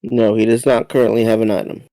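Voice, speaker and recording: A young man acting as game master, briskly reading out moves and rules and recapping the story in a casual tone. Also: fairly low pitch, level tone, dark tone, no room sound, poor audio. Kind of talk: running a tabletop game over voice chat.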